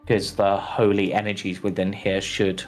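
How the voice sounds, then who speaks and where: A man's voice: on the low side, completely flat delivery, normal speed, soft background music, lightly acted. A man voicing a cautious, polite village priest in a tabletop role-play, speaking hesitantly with many ums and restarts. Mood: earnest. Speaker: game master.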